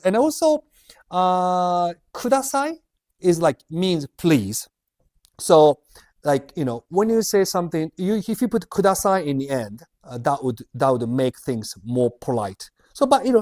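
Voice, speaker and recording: Reading viewer questions aloud with a laugh, a male host rambles chattily through his casual livestream. His pitch is fairly high and his tone a bit mellow.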